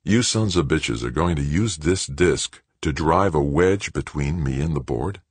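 A man's voice: a bass voice, animated, measured pace, breathy edge, dry recording, exaggerated voice. A male narrator voicing a middle-aged man who speaks through gritted teeth, clipped and commanding. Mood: angry.

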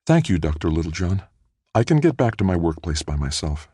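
A man's voice: deep voice, very animated, brisk, mellow, breathy edge, dry recording, studio quality, heavily acted. A man voicing a young woman biologist, anxious and guarded, in an audiobook reading. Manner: tense, restrained, worried. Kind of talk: audiobook character voice.

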